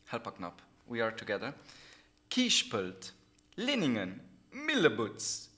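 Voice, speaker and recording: A man's voice: medium pitch, wildly swooping pitch, bright, forceful tone. A man with a Luxembourgish accent, leading a quiz game and reading out place names one by one between frequent laughs. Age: adult, a teacher. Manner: reads names deliberately, laughs often. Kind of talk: casual comedy game chat.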